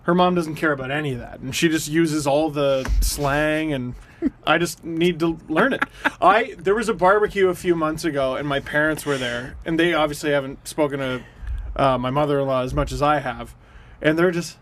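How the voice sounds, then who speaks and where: A man with a fairly high voice co-hosting a podcast in casual, joking chat. He pokes fun at himself and sometimes trails off into a mumble, over a clear layer of background noise. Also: moderate pace, a bit bright. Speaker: podcast co-host.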